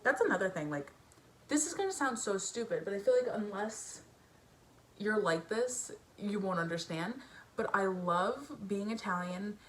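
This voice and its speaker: A young woman talks through her makeup in a relaxed get-ready-with-me chat, full of fillers and self-conscious asides. Her pitch sits in an ordinary middle range. The recording was made at home, with faint household noise behind her. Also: moderate pace. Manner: chatty, filler-heavy, self-conscious and giggly. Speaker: beauty vlogger. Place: home bedroom with family noise downstairs.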